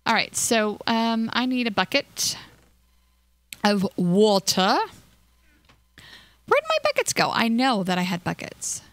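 A young woman chats her way through a game session, talking fast and scattered and giggling as she goes. She slips into a high cooing voice for the cute creatures on screen. Her voice sits in a middle pitch, recorded close and dry. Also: fairly bright tone, dry recording. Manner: hyper and scattered. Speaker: let's play host. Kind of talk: casual gameplay commentary.

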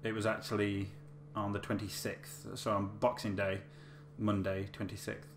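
Chatty low-voiced man, echoey room. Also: fairly even intonation, moderate pace. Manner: chatty, rambling with many fillers and restarts. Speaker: vlogger. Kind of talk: casual storytelling. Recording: echoey room with faint hum.

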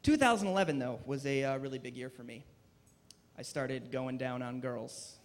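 A man in his twenties performing a deadpan, self-deprecating stand-up set on a comedy club stage into a handheld mic. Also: medium pitch, normal speed, slight background noise.

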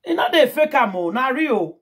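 A Nigerian woman with a husky, breathy voice, spinning celebrity gossip for her vlog. Her delivery is dramatic, with quick put-on voices for each person in the story and frequent asides to her audience. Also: sits high, sing-song. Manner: dramatic, acts out the quoted voices, calls on the audience directly.

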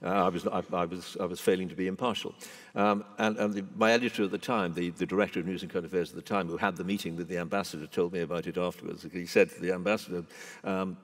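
An older man with a notably low voice answers in a live stage conversation. He talks bluntly and emphatically, restarting his sentences as he goes. His voice carries a long reverb from a big hall. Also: fairly even intonation, quick pace. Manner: emphatic, forthright, with frequent restarts. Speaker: veteran broadcaster, guest. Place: large event hall before an audience.

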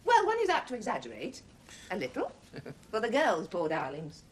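A woman's voice: mid-range voice, wildly swooping pitch, moderate pace, a little hiss or hum. An actress playing a bold, playful and inquisitive lady in a 1970s period drama. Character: bold, flirtatious cigar-smoking lady.

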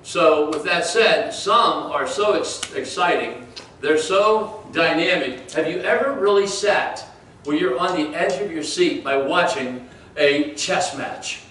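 High-voiced preacher in an echoey church. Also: male voice, slow, a bit bright, a little hiss or hum. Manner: conversational preaching with audience questions. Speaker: pastor. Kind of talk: sermon. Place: church sanctuary. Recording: echoey church room from far off.

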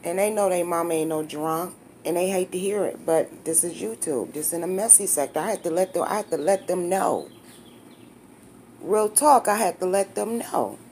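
A woman's voice: on the low side, animated, normal speed, a little mellow, slight background noise. A woman in her fifties talking straight to her viewers in a casual vlog, blunt, candid, slangy and emotional. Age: 50s. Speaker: vlogger.

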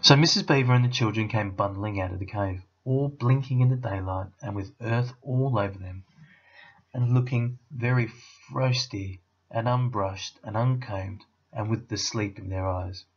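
A man, a teacher, reading a children's novel aloud with expressive storytelling. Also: fairly low pitch, normal speed, husky, muffled recording.

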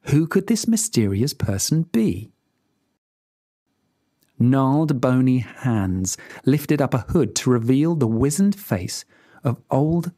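A storyteller reading a fairy tale aloud in an expressive, animated way for English learners. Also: medium pitch, no echo, clean studio sound.

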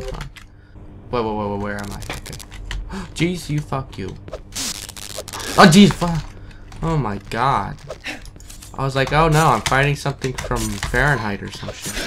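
A man's voice: medium pitch, creaky. A man giving casual horror gameplay commentary, jumpy and swearing, taunting enemies as he plays. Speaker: let's play gamer. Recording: keyboard typing noise behind.

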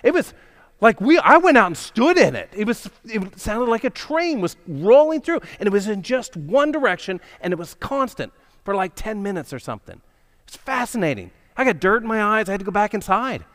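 A male pastor with a fairly high voice tells a story to his congregation in a church. He talks in a loose, conversational way and keeps checking in with the room. His delivery is animated and full of small asides. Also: brisk. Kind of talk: storytelling sermon. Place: church sanctuary.

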